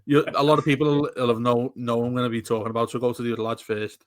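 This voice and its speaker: A man's voice: mid-range voice, little pitch movement, rapid-fire, no echo, clean studio sound. A man co-hosting a football fan podcast, talking in a rambling, casual way with frequent restarts. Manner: rambling, restarts often, laughs while talking. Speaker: podcast co-host. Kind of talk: casual chat.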